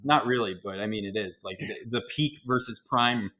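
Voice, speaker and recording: Co-host, male, low but bright and forceful voice, stammers through restarts, playful. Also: moderate pace. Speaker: podcast co-host. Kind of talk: casual sports chat.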